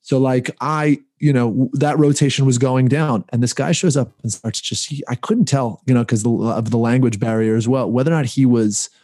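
Man from Israel, casual storyteller, mellow tone, rambles with restarts; conversational podcast read. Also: mid-range voice, normal speed, hardly any pauses. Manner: rambling, many restarts and fillers.

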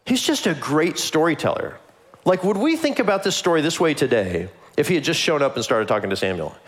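A man preaches a sermon in a casual, humorous way and jumps into acted voices as he retells the story. His pitch sits a little high for a man and swings widely as he talks. The delivery is lively and conversational. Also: brisk. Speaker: pastor.

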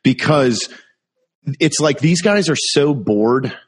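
A man's voice: a little high, animated, slow pace, breathy edge. A man telling a military anecdote in casual chat, profane and exasperated.

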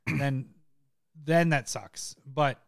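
A man's voice: medium pitch, very slow, gravelly, no room sound, studio quality. A man co-hosting a casual podcast, teasing his co-host and laughing often. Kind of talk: casual chat.

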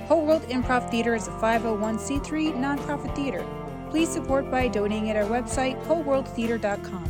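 A woman's voice: fairly high pitch, brisk, loud music behind the voice. A woman hosting a podcast who reads the credits and drifts into joking, self-deprecating asides, talking with a sore jaw that she can barely open. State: struggling to open her mouth. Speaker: podcast host reading credits. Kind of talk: casual, rambling credits read.

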